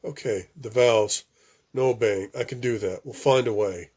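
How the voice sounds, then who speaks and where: A man reading aloud and voicing a shaken young man who speaks in a hoarse whisper after a nightmare. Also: mid-range voice, normal speed, darkish tone, close to an everyday voice.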